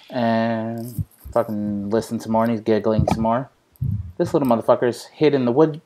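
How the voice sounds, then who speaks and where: Profane, animated man telling stories. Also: on the low side. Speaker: vlog host. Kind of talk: casual group chat on a livestream.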